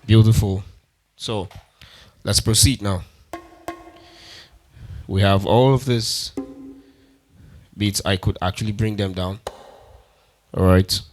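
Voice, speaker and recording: A man's voice: fairly low pitch, steady tone, takes it slowly, pauses often, soft background music. A man hosting a keyboard tutorial, counting beats aloud and repeating his steps patiently. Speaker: music tutorial host. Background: keyboard instrument sounds.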